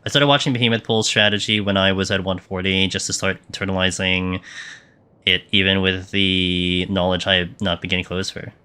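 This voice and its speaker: Young man, game streamer, lowish pitch, bright tone, casual live commentary, chatty. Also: steady tone, a little fast, smooth. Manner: chatty, answers chat questions, frequent fillers.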